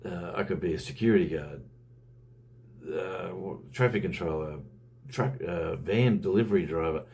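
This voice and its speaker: A man's voice: low voice, moderate pace, vocal fry, a little mellow, slight background noise. An Australian man talking casually to camera in a vlog, rambling and conversational with lots of fillers. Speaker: YouTuber.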